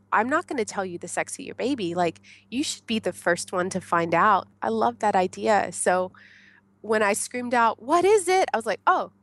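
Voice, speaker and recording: On a dry recording, an American woman on a podcast tells her story in a mid-range voice. She keeps it casual and animated, laughing a lot and performing the lines she shouted back then.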